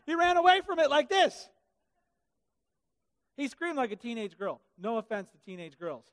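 A man preaching a sermon in a church hall, animated and comic, acting out the Bible characters in funny voices. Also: very high voice, normal speed. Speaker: pastor. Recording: hall reverb.

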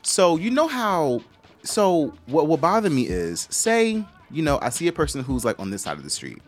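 A man's voice: a little high, huge pitch swings, normal speed, soft background music. A man co-hosting a podcast, chatting casually and ranting bluntly with plenty of swearing. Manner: blunt, profane, exasperated ranting. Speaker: podcast co-host. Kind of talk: casual chat.

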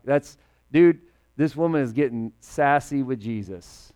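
A male pastor preaching a casual, humorous sermon in a conversational, animated way, joking with the congregation. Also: medium pitch, normal speed, clear, resonant tone.

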